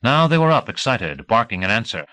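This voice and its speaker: A man reading a novel aloud in a steady, measured way; his voice is lowish but bright, and the recording is dry and close. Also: no echo. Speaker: audiobook narrator. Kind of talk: scripted narration.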